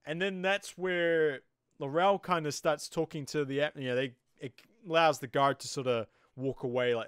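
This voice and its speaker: A man's voice: fairly high pitch, fairly even intonation, moderate pace, smooth, no echo, clean studio sound. A man with a New Zealand accent giving a casual, rambling episode review, full of "you know" fillers. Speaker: TV show reviewer.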